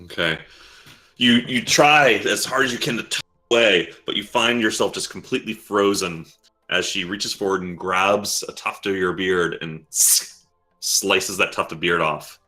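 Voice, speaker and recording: A man narrating a tabletop game as dungeon master, halting with frequent fillers. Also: low-pitched, bright, forceful tone, soft background music.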